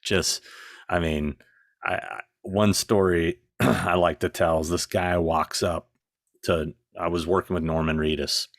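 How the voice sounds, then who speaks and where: A man's voice: low-pitched, steady tone, a little slow, creaky, no echo, studio quality. A middle-aged man, a podcast guest, telling stories in a blunt, exasperated manner. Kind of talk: casual anecdote telling.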